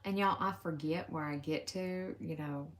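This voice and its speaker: A woman with a Southern US accent chatting casually to viewers on a live stream from home as she stitches. She talks to them as "y'all" and drops into soft murmurs while she works. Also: low voice, steady tone, moderate pace. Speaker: craft live-stream host.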